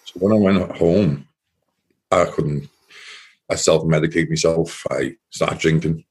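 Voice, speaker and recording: A man speaks in a very deep, husky voice with a dark tone. He gives emotional personal testimony, halting and repeating words as he struggles through it. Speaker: interview guest, former soldier.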